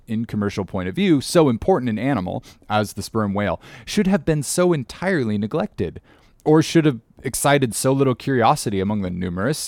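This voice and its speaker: A man narrating an audiobook in a measured, formal reading manner. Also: on the low side, darkish tone, no echo.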